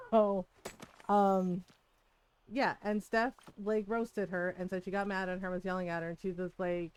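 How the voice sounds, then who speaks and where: A woman's voice: on the low side, steady tone, moderate pace, darkish tone. A woman in her forties, a streamer chatting casually and candidly, swearing freely and laughing now and then. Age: 40s. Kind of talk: casual venting chat while gaming.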